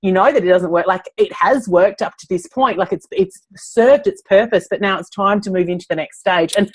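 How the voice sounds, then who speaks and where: Aussie lady coaching on a group call, blunt and chatty, average pitch. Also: normal speed, husky. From Australia. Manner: frank, chatty, laughs often. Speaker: business coach.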